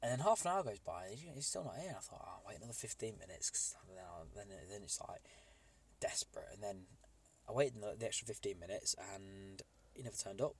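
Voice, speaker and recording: A man's voice: lowish voice, lively intonation, fairly quick, husky. A young man, co-hosting a podcast and telling a long, rambling story with casual swearing. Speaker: podcast co-host.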